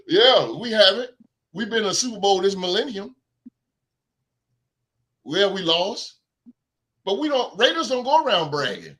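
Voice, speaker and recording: A man hosting a sports podcast, ranting in an animated, heckling way and mocking rival fans. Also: sits high, unhurried, pauses often. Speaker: podcast host. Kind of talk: sports talk rant.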